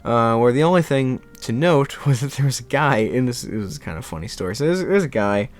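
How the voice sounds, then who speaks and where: A young man vlogging in a rambling, animated casual chat, laughing and swearing now and then. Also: mid-range voice, a little fast.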